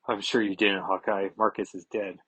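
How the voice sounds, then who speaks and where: A man's voice: fairly low pitch, little pitch movement, normal speed, fairly bright tone, slightly rough, no room sound, rough recording. Man reading as a grieving, bitter heroine. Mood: composed. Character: grieving angry woman superhero.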